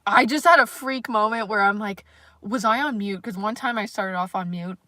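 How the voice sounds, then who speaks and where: A woman's voice: mid-range voice, bright, forceful tone, no room sound. A woman vlogger talking casually on a livestream, rambling and self-conscious, with lots of fillers and the odd swear word.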